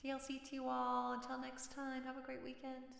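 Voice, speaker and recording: Gravelly woman streamer in a roomy space. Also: high-pitched, completely flat delivery, brisk, fairly bright tone. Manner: chatty, reacts aloud to chat messages. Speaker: livestream musician host. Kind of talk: casual livestream chat with viewers.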